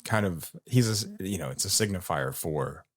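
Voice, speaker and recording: A man co-hosting a casual film podcast, talking conversationally and chiming in with quick agreement. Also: low voice, animated. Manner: conversational, frequent agreeing interjections. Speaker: podcast co-host. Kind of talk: casual chat.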